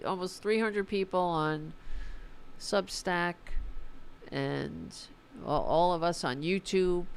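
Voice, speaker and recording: A tired woman hosting a political livestream, chatting casually and swearing as she reads the chat and signs off. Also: fairly low pitch. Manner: informal and profane, fired-up about politics.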